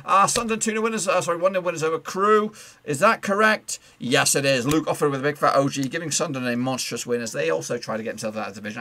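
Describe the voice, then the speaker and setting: A man recaps the weekend's football results and his own prediction scores in a loose, joking way, with lots of fillers. His voice sits a little high and sounds bright and forward. He is going a bit hoarse. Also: slight background noise. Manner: chatty and playful, quick asides and filler. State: losing his voice.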